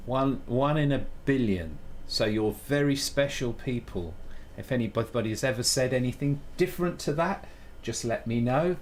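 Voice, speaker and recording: A man's voice: mid-range voice, animated, moderate pace, hardly any pauses, a little mellow, slight background noise. A man chatting casually on a live stream while he programs, thinking aloud, joking at his own expense and switching between English and Italian. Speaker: live streamer coding on air.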